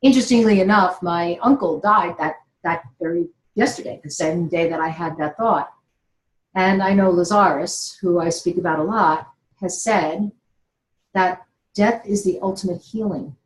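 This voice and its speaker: A woman's voice: fairly low pitch, moderate pace, a little hiss or hum. A middle-aged woman giving an earnest, emotional motivational talk, telling a personal story and laughing now and then. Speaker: inspirational speaker. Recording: roomy echo.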